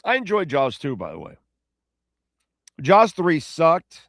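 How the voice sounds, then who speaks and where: This slow, creaky male voice sits a little high and fairly bright, its pitch swooping wildly, captured cleanly in a studio without echo. He's a radio host on a casual talk show, loosely chatting and rambling through listener comments while correcting himself along the way.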